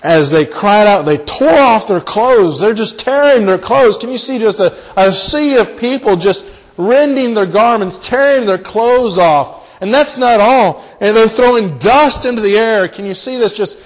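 A man preaching a sermon in a dramatic manner, swinging between loud emphasis and hushed asides and repeating key phrases. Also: sits high, animated, unhurried. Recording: long hall reverb.

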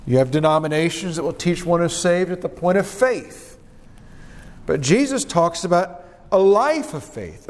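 A man preaching an earnest, measured sermon and reading scripture aloud. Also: a little high, a little mellow, long reverb tail.

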